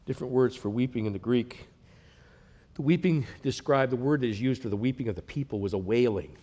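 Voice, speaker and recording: Earnest male pastor preaching. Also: mid-range voice. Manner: earnest, swells loud then drops to a hush. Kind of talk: sermon.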